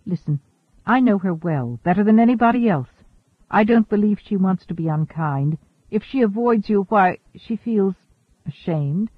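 A man reading the lines of a gentle, wise woman space traveler in an audiobook. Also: high-pitched, lively intonation, normal speed, no room sound. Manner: gentle, reasoning. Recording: thin phone-like dry audio.

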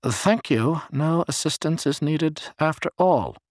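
A man reading a story, voicing a pedantic, sly man in a high, slow, smooth voice with long-winded clinical phrasing. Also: animated, no room sound, clean studio sound.

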